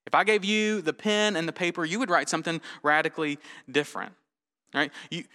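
Bright, clear-voiced pastor preaching. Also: male voice, fairly high pitch, a little fast, in a large hall. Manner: conversational, storytelling, self-deprecating humor. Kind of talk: sermon.

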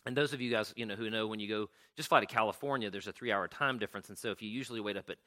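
A man's voice: on the low side, racing, bright, forceful tone. A man retelling a story to an audience in a loose, chatty way, full of fillers and restarts. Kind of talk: conversational storytelling talk.

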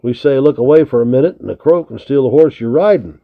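A man's voice: medium pitch, quick pace, voice pushed up, natural voice. A man reading the part of a good-natured fur trapper in a storybook, supportive and easygoing. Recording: tinny narrow lo-fi recording.

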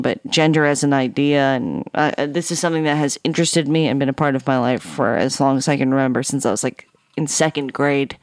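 A woman guest telling a personal story on a podcast, animated and profane, acting out the people in it. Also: sits low, no echo, studio quality. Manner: animated, swears a lot, acts out dialogue. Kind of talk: casual storytelling.

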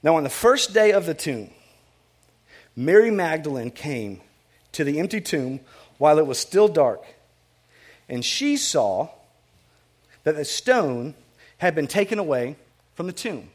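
High-voiced man preaching a casual sermon. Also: sing-song, unhurried, long pauses. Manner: conversational, self-correcting and repetitive, with asides and humor. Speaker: pastor.

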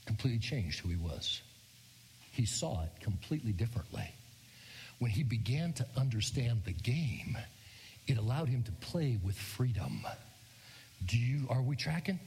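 A man's voice: mid-range voice, moderate pace, long pauses, long reverb tail, a little hiss or hum. A middle-aged man preaching a sermon, telling a story and acting out the people in it. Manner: animated storytelling, acts out quotes. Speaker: pastor.

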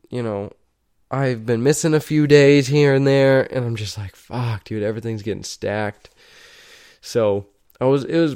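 A man's voice: medium pitch, darkish tone, smooth. Rambling, swearing young man telling stories. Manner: rambling, profane, laughs often and quotes friends in raised voices. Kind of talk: casual storytelling.

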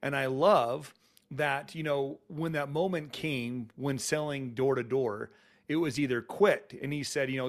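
Halting male podcast host. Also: medium pitch. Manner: halting, repeats words. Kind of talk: casual interview chat.

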